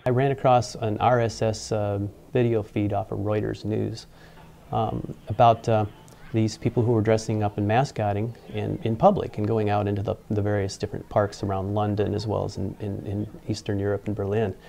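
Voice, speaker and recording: A man's voice: on the low side, flat delivery, normal speed, gravelly, warm tone, a little hiss or hum. A man being interviewed, telling a personal story in a rambling way with many fillers and restarts. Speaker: engineer interviewed about mascot costuming.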